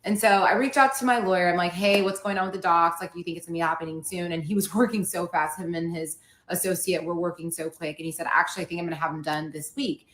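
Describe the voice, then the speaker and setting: Woman, podcast host, storytime, candid, dramatic quoting, low-ish voice, roomy echo. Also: fairly even intonation, quick pace, few pauses, a bit bright. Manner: candid, dramatic retelling with quoted dialogue.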